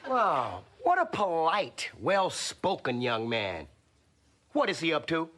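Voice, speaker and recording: A man's voice: fairly high pitch, huge pitch swings, slow, very noisy. A man acting in a sitcom with a wisecracking, exaggerated delivery, over music and audience laughter. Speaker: sitcom character.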